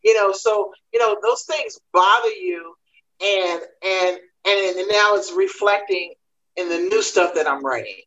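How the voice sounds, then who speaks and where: A woman comedian talking through a panel discussion, telling her story in quick animated bursts. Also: medium pitch, dull audio.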